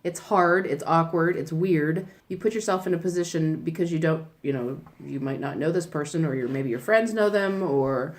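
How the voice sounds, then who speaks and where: A woman's voice: deep voice, normal speed, hardly any pauses. A woman in her forties, co-hosting a casual chat and speaking candidly. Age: 40s.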